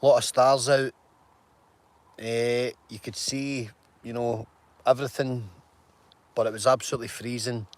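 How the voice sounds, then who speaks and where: A man's voice: medium pitch, level tone, unhurried, long pauses. A man, hosting a casual live stream and greeting viewers by name in a rambling, chatty way, outdoors in a mountain glen on a phone.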